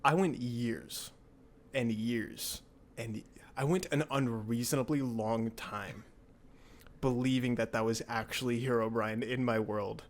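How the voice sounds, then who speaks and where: A young man hosting a podcast, telling a story in a rambling, excitable way with lots of filler words. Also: medium pitch, unhurried. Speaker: podcast host. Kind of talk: casual storytelling chat.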